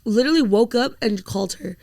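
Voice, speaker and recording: Animated young woman telling gossip. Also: a little high, fast talker, no room sound. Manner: animated, swears freely, acts out quotes. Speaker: podcast co-host. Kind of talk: casual chat, storytelling.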